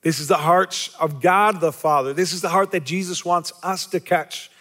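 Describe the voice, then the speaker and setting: High-voiced male pastor preaching in a reverberant hall. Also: normal speed, a bit bright. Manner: rhetorical questions to the congregation, repetitive emphasis; self-deprecating humor. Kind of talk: sermon.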